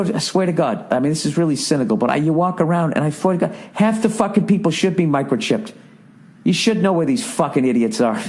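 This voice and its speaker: A man's voice: on the high side, a little mellow. A man hosting a podcast, delivering a profane, sarcastic, exasperated comedic rant in a casual monologue. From United States. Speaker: podcast host.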